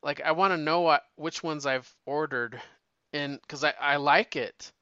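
A man's voice: fairly high pitch, measured pace, sharp tone, smooth, no echo. A man chatting casually and rambling about comics, swearing freely and restarting sentences, on a dull lo-fi recording. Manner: rambling, profane, frequent restarts. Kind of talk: casual chat.

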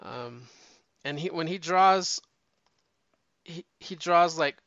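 A man's voice: fairly high pitch, slow pace, fairly bright tone, no room sound. A man chatting casually and rambling about comics, swearing freely and restarting sentences, on a dull lo-fi recording. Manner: rambling, profane, frequent restarts. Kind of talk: casual chat.

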